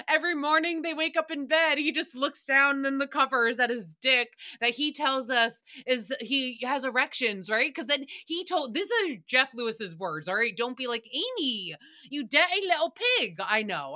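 On her podcast, a woman with a pushed, bright, fairly high voice gives a comedic recap in a chatty monologue. She's sassy and giggly, switching between voices and slipping into rhymes.

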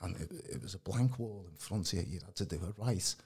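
Man, low gravelly husky voice, lively casual testimony. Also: quick pace. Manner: animated, acts out quoted voices, calls the host mate. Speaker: guest giving testimony. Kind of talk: casual storytelling.

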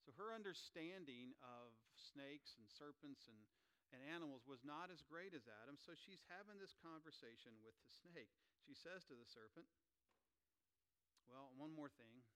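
Bright, clear-voiced preacher, animated. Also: male voice, on the high side, moderate pace. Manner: animated, asks the congregation questions and jokes with them. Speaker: pastor. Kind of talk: sermon.

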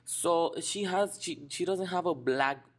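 Young man, podcast co-host, animated, slangy storytelling. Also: on the high side, unhurried, a crowd in the background. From Dominican Republic. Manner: animated, slangy, says "bro" often. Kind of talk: casual storytelling chat.

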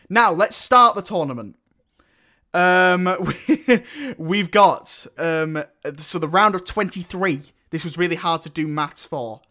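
A man with a slightly high voice hosts a casual podcast chat. He rambles, stops and restarts, and swears in passing. His delivery is loose and conversational. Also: pushed and bright. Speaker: podcast host running a film tournament.

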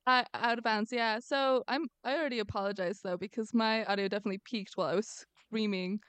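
A young adult woman co-hosting a podcast, chatting in an animated, jokey and self-deprecating way. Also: medium pitch, fast, smooth, dry recording. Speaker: podcast co-host. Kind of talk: casual chat.

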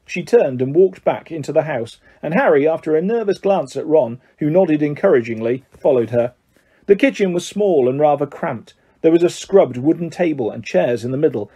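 A man reading a children's fantasy story aloud, narrating in a steady, measured way. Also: fairly high pitch, breathy edge. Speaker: audiobook reader.

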